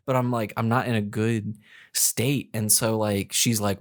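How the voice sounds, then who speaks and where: A young man with a fairly low voice tells a story on a podcast, loose and rambling, full of fillers and false starts. The recording is dry, with no room sound. He talks casually as a co-host. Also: unhurried, dry recording. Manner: rambling, many fillers and restarts.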